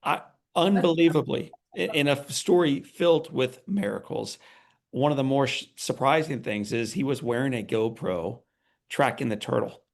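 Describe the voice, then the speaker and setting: A man's voice: mid-range voice, normal speed, gravelly. A man hosting a podcast interview, enthusiastic as he asks his guests questions. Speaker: podcast host.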